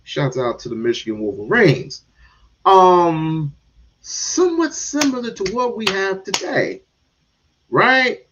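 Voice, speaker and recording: Sarcastic, animated male sports ranter. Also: sits high, slow pace, slight background noise. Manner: animated, sarcastic, mocking asides. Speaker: podcast host. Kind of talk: opinionated sports commentary rant. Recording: dull lo-fi stream audio.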